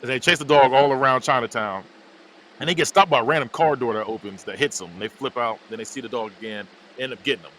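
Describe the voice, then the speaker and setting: Fast, animated podcast host. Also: male voice, mid-range voice. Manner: animated storytelling, laughs often. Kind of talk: casual comedic movie recap.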